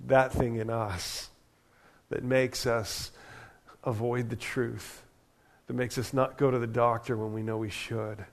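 A man preaching to a church in a relaxed, conversational style. His voice sits in an ordinary middle pitch, and he talks animatedly with the crowd, dropping in casual asides. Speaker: pastor. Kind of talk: sermon.

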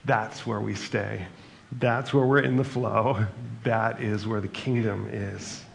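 A man's voice: fairly low pitch, steady tone, slow, creaky, a little hiss or hum. A man preaching a sermon in a conversational way, reading scripture passages aloud between his own remarks. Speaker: pastor.

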